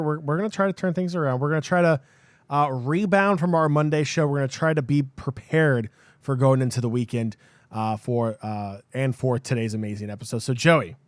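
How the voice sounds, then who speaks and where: A man's voice: medium pitch, no room sound. A man co-hosting a gaming podcast, teasing his partner playfully and hyping up segments. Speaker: podcast co-host. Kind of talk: casual gaming podcast chat.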